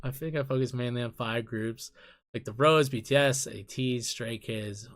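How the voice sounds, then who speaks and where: Young man, bright tone, casual streaming chat, swears a lot, answers chat. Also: mid-range voice, brisk. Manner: profane and laughing, answers chat questions.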